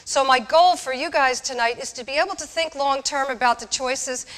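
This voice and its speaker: A woman giving a lively, direct talk to college students, asking the audience questions. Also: sits high, normal speed. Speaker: speaker on alcohol awareness. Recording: echoey hall.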